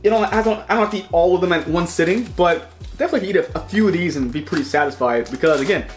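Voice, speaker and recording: Snack-review host, male, slightly high voice, rambling and chatty, faint music underneath. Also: racing. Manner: rambling, chatty, restarts and repeats words; talks while chewing. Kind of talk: casual taste-test vlog.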